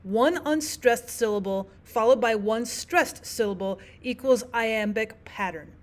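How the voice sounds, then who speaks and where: Speaking a little slowly in a fairly high voice, a woman teaches a recorded lesson. She explains each term step by step with clear, methodical care and comes back to the key points.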